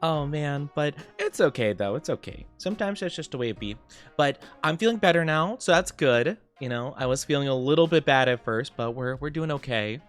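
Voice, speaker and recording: A man's voice: fairly high pitch, animated, a little fast, soft background music. A young man chatting casually on a live stream, upbeat and giggly as he greets his chat.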